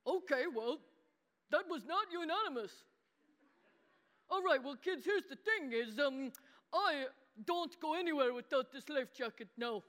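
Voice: high-pitched, lively intonation, measured pace, a bit bright. An adult voicing a simple, earnest boy puppet who talks in broken childlike grammar and calls himself by name in a children's sermon. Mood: earnest childish. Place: church hall. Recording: long church-hall reverb.

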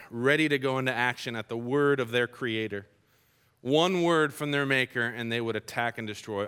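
A male pastor delivers his sermon with a bright, forceful tone. He slips into playful stories and humorous asides. His voice rings out with a long hall reverb. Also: mid-range voice, clean tone. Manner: lively storytelling with humorous asides.

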